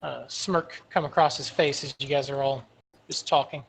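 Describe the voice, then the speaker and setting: A man narrating a tabletop fantasy game as game master, unhurried and descriptive, with fillers. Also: medium pitch, fairly even intonation, creaky, rough recording.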